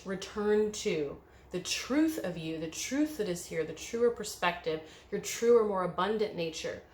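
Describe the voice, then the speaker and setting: A woman's voice: lowish voice, a little mellow, echoey room. A woman giving an emotional pick-a-card tarot reading, coaching viewers through a guided visualization. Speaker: tarot reader.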